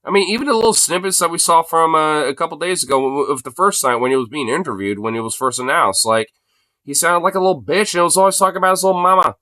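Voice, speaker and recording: A man rants through a live stream with a bright, forceful edge, his pitch bouncing all over as he mocks what he watches. His talk is crude and rambling, heavy on slang and filler, casual and unscripted. He sits slightly higher in pitch than most men. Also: lively intonation, quick pace, dry recording. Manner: mocking, rambling, crude, slangy with frequent "bro" and "like". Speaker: livestreamer reacting to a broadcast. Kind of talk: casual profane live commentary. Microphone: streaming mic.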